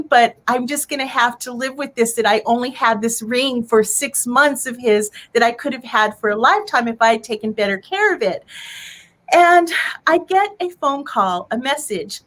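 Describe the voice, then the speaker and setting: A woman's voice: high voice, fairly bright tone. A woman from Arizona telling a heartfelt personal story on stage, earnest and acting out her own thoughts.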